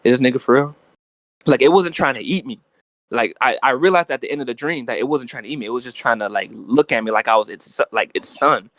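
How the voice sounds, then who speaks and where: A man's voice: mid-range voice, quick pace, no room sound. Slangy young man telling a story. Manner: slangy, animated, filler-heavy. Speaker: guest telling a dream. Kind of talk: casual storytelling chat.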